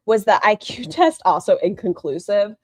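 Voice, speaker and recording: A woman's voice: medium pitch, lively intonation, moderate pace, husky, dry recording. A woman hosting a live stream, giving blunt, sarcastic reaction commentary and swearing freely.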